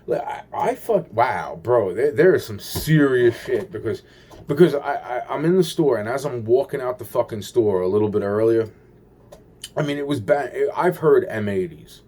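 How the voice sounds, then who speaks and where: A man's voice: mid-range voice, lively intonation, normal speed, mellow. A man rambling through a paranoid personal story, swearing constantly and restarting his sentences.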